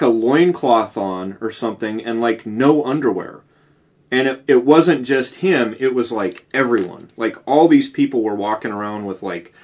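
A man's voice: medium pitch, highs cut off. A man co-hosting a podcast, chatting casually and rambling through stories with many "like"s. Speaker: podcast co-host. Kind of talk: casual chat.

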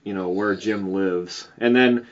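A man's voice: low voice, fairly even intonation, a little slow, dull audio. A man co-hosting a podcast, chatting casually and rambling through stories with many "like"s. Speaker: podcast co-host. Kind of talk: casual chat.

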